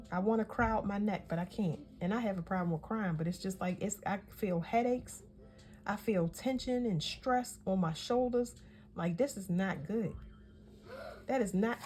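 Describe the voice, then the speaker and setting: A woman's voice: mid-range voice, moderate pace, a little mellow, a little hiss or hum. A woman giving a casual tarot reading, talking in a chatty, emphatic way and often correcting herself mid-sentence. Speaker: tarot reader.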